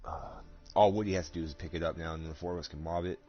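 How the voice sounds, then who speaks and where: A young man streaming a game from home, chatting casually and swearing a lot, laughing and working himself up into loud rants. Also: sits low, fast, faint music behind. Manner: animated and profane, laughing, rising to loud excited rants. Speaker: gaming streamer. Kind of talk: casual chat while streaming. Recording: dull lo-fi stream audio.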